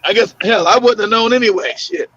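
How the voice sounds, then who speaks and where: Fairly quick and forceful, with a bright voice that sits high, a podcast host spins loose stories on his casual talk show. Fillers, restarts and laughs abound, and the recording is dry, muffled lo-fi audio.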